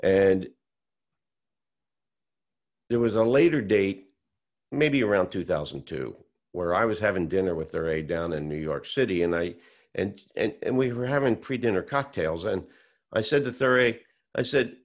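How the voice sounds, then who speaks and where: A man's voice: low-pitched, expressive, moderate pace, long pauses. A man recounting events in an interview, telling a story and acting out the quoted dialogue as he goes. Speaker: whistleblower telling his story.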